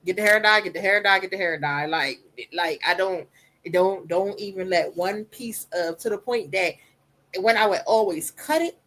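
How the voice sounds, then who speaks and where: Soft-voiced woman, podcast guest, candid and personal, slips into quoted voices. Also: mid-range voice, normal speed, a little hiss or hum, low-quality recording. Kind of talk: casual podcast conversation.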